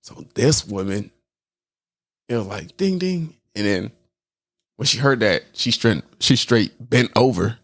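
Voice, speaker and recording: A man's voice: lowish voice, measured pace, long pauses, fairly bright tone, dry recording. Young guy on a podcast rambling thru a story, repeats himself a lot, dry close mic. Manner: rambling anecdotes, repeats words, laughs while telling. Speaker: podcast co-host. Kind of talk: casual chat, storytelling.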